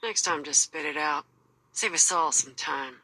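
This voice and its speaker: A hard-edged female gunslinger with a husky, breathy rasp and a sharp, bright cutting tone. She talks in a slow, folksy drawl that makes every threat sound casual. She comes across as a cold, tough game mercenary. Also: sits low, no echo, full character voice, low-quality recording. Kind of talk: video game voice acting.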